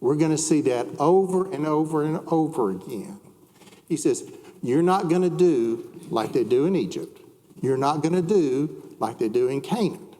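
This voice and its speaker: A man's voice: fairly high pitch, expressive, normal speed, dark tone, big-room sound. A man teaching a church Bible class, chatting with the class, asking them questions and reading scripture aloud.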